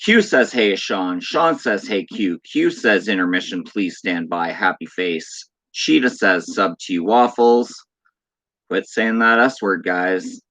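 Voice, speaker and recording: A man's voice: deep voice, takes it slowly, fairly bright tone, no room sound. A man hosting a horror livestream, reading viewers' chat messages aloud and teasing them with spooky lines. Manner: playful, spooky teasing of chatters. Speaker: livestream host.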